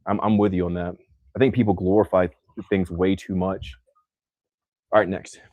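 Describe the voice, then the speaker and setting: A man's voice: deep voice, flat delivery, moderate pace, no room sound, narrow, tinny audio. A young man from Texas with his own mixed, un-Texan accent, hosting a casual live Q&A and rambling loosely through viewer questions. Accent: own mixed accent, not Texan. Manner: loose, rambling, many fillers and restarts. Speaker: livestream host answering viewer questions.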